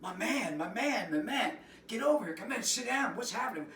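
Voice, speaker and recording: A man voicing an effusive, over-friendly man who loudly greets a newcomer. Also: high-pitched, lively intonation, a little fast, voice pushed up, full character voice. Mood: gushing. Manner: loud, gushing, over-friendly. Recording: roomy, distant, noisy.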